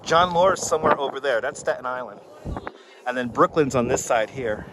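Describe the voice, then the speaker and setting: A man hosting a live walking tour stream outdoors by a harbor, excitable and out of breath, thanking donors effusively through a clip-on mic. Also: mid-range voice, brisk, noisy background. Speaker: livestream host. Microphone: wireless clip-on mic.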